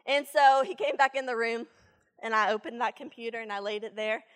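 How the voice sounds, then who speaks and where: A woman preaching a sermon, telling a story from her teaching days in an animated, chatty way with many fillers. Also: a little high, a little fast, big-room sound. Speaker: church speaker, former teacher.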